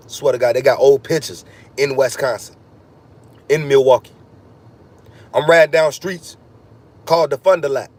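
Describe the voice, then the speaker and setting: A man delivering a heated, profane, freewheeling podcast monologue, ranting and swearing constantly. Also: fairly high pitch. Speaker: podcast host.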